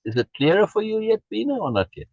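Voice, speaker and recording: A man's voice: high voice, very animated, quick pace, vocal fry, a little mellow, no room sound. A man leading a program, reading a text aloud and commenting on it emphatically, repeating key phrases, over a video call. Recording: dull lo-fi video call audio.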